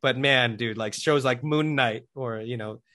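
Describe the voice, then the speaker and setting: A man co-hosting a casual pop-culture review podcast, excitable and profane, often acting out quotes. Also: medium pitch, a little slow. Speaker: podcast co-host.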